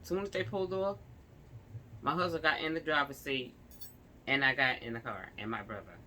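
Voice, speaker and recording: A woman's voice: a bass voice, fairly quick, sharp tone, a little hiss or hum. A young woman, ranting and telling a story in casual street slang, acting out the people she quotes. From New York. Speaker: vlogger.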